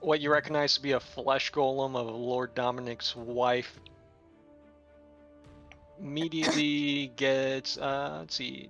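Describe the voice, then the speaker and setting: A man runs a tabletop game, narrating scenes in a bright, forward voice at an unhurried pace. He speaks loosely, with fillers. The audio is slightly dull and lo-fi. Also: mid-range voice, soft background music. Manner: relaxed, descriptive, with filler words. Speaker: game master.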